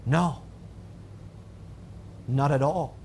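A man preaching a sermon, swinging from calm teaching to loud, fervent high-pitched emphasis. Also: drawn-out words, a little hiss or hum.

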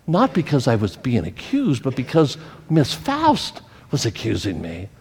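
A male pastor preaching in a church sanctuary, his voice sitting at an ordinary middle pitch. He tells a personal story with feeling, circling back and repeating his phrases. The sound carries a long echo from a large hall. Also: huge pitch swings, a little slow, a little mellow, a little hiss or hum. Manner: emotional, repeats and restarts phrases.

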